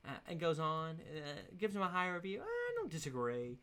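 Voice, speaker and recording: A man's voice: a little high, wildly swooping pitch, normal speed, bright, forceful tone. A young man hosting his solo podcast in a casual, rambling rant, laughing often. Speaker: podcast host.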